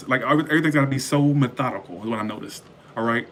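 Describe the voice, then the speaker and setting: A man's voice: mid-range voice, rapid-fire, fairly bright tone, slight background noise. Rambling, profane man live-streaming. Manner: rambling, profane, laughs often. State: sweaty and wired from coffee. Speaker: tarot reader hosting a live stream. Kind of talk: casual live-stream chat.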